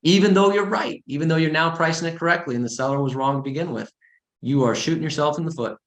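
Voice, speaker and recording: A man giving an informal training talk as a real estate coach, blunt and animated, with sarcastic asides. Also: fairly high pitch, fast talker. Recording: roomy echo.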